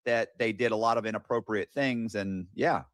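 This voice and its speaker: A man's voice: on the low side, normal speed, no echo, studio quality. A man co-hosting a podcast, speaking casually and hesitantly with many fillers. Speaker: podcast co-host.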